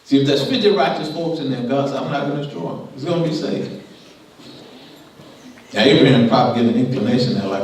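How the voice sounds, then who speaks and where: A man preaching a sermon, reading scripture and paraphrasing it in a lively, conversational way. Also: medium pitch, brisk. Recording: echoey room from far off.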